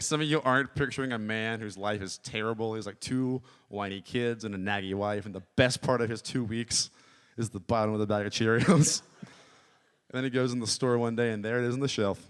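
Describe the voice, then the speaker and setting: A man performing a stand-up comedy set at a small live venue, rambling and deadpan with lots of filler words. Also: on the low side, fairly quick, smooth. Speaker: stand-up comic.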